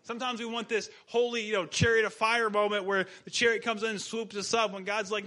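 A man preaching a sermon in a casual, animated storytelling manner as pastor. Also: high-pitched, fairly quick.

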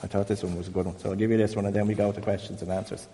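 Guy chatting through a bible study, warm low-key tone, lots of reverb in the room. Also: rapid-fire, slight background noise. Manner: conversational, self-deprecating, gets louder and more animated. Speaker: church group leader. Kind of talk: informal Bible talk to a small group.

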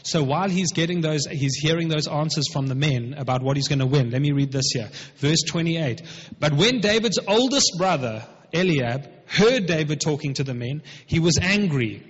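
A man's voice: on the high side, lively intonation, normal speed, slightly rough. A man preaching a sermon, retelling a scripture story in a conversational manner with frequent asides. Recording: reverberant hall, dull lo-fi sound.

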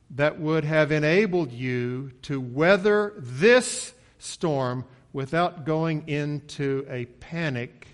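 Higher-voiced man preaching a sermon. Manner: rises sharply and loud when voicing panicked disciples, drops soft at line ends; conversational, asks rhetorical questions.

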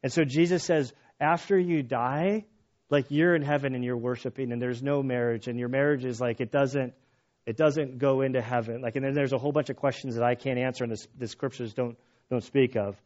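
A middle-aged man preaching a sermon as pastor, earnest and halting, often restarting his phrases. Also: medium pitch, fairly even intonation, darkish tone. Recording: dull lo-fi sound.

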